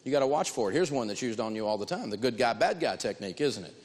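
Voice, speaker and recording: A man giving an animated talk on negotiating, telling personal stories and repeating key phrases for emphasis. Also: medium pitch, fast talker, in a large hall. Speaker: financial speaker teaching negotiation.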